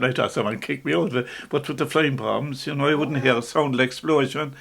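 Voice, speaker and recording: An older man with an Irish accent, reminiscing in a relaxed, rambling way, often stopping to restart and chuckling as he talks. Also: mid-range voice, a little fast, vocal fry, husky. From Ireland. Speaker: interviewee. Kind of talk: casual reminiscing.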